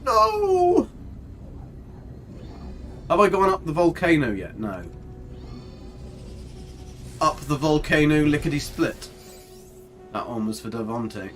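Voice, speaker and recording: A man's voice: a little high, lively intonation, measured pace, pauses often, soft background music. A man giving casual, chatty live commentary on a game, talking to his character and his viewers with mild swearing. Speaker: gaming streamer.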